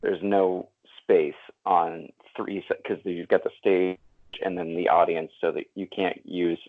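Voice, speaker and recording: Deep-voiced man on a tinny line. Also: flat delivery, measured pace. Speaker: podcast co-host. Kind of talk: casual chat.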